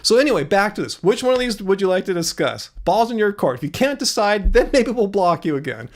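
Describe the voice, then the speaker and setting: Male livestream host with a higher voice, blunt and exasperated toward trolls. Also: big pitch swings, fairly quick. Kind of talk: casual livestream chat.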